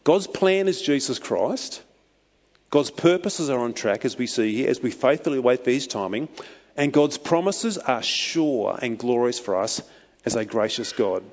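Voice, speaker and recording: A man's voice: lively intonation, a little slow. Earnest male preacher in a reverberant hall. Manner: earnest, rising to emphatic pitch on key phrases. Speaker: pastor. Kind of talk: sermon. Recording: muffled, long hall reverb.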